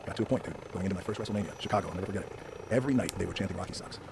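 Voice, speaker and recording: A middle-aged man telling his story as a podcast guest, fast and emphatic, swearing freely and restarting phrases as he goes. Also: low voice, vocal fry, noisy background. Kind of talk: animated storytelling in a podcast interview.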